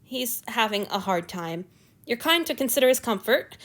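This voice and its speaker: A woman voicing an ancient male god who is awkward and anxious, speaking in a tense, halting, stiff way. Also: a little high, expressive, a bit bright. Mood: strained.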